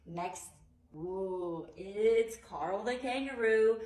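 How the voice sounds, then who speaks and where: A woman teacher reading a picture book aloud and giving teaching tips, in an animated sing-song way with exaggerated yawns. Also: medium pitch, very slow, reverberant. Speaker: early childhood teacher.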